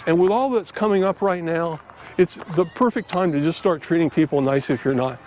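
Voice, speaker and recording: Middle-aged male vlogger, high voice, earnest rambling stories, park ambience with faint noise behind. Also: fairly quick, darkish tone. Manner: rambling, earnest, many fillers and restarts. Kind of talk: casual storytelling to camera. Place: outdoors in a park.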